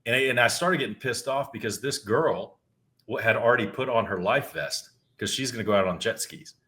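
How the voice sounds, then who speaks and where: A man's voice: medium pitch, brisk, sharp tone. A middle-aged man on a podcast telling a story in a loose, rambling way, swearing freely and often restarting his words. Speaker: podcast co-host. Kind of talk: casual storytelling. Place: home.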